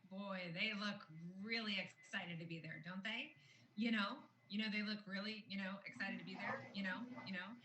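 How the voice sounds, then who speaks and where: A woman's voice: medium pitch, steady tone, moderate pace. Woman teaching a communication class, chatty, echoey room, some noise behind. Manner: explanatory, conversational teaching. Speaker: communication trainer. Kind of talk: online training lesson. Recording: roomy with noticeable background noise.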